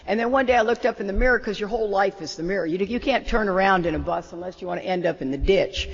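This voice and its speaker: An older woman, an animated and self-deprecating storyteller, telling a long personal story as the opening speaker of a talk. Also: mid-range voice, fast. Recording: muffled roomy hall.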